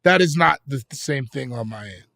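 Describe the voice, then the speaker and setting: A man's voice: mid-range voice, lively intonation, a little fast, vocal fry, bright, forceful tone, dry recording, clean studio sound. A man co-hosting a podcast in casual banter, profane, playful and self-mocking. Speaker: podcast co-host.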